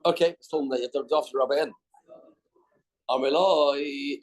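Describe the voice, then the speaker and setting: A man's voice: mid-range voice, fairly even intonation, normal speed, darkish tone. A man giving a daily Talmud class in a study hall, reading the text aloud and explaining it in English, acting out the dialogue as he goes. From Canada. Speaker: Talmud teacher.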